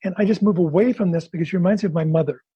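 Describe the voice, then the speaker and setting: A man's voice: high-pitched, racing, slightly rough, no room sound, lo-fi sound. A male therapist explaining his method and acting out a couple's session. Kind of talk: explanatory talk with role-play demonstration.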